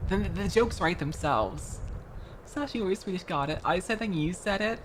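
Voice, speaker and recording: A young woman from Florida, chatting casually on a livestream while building a model kit, animated and quick to laugh, with frequent restarts. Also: on the low side, a little hiss or hum. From Florida, United States. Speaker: streamer.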